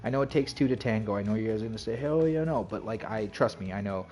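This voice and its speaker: A man's voice: fairly low pitch, fast, a little mellow, faint music behind. Rambling man chatting on stream. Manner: rambling, filler-heavy, self-interrupting. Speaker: game streamer. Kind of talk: casual stream chat.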